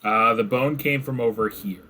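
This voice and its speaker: A man's voice: medium pitch, normal speed, bright, forceful tone. A young man narrating as game master in casual, rambling talk full of fillers. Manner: rambling, filler-heavy descriptions. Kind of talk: running a tabletop game, casual.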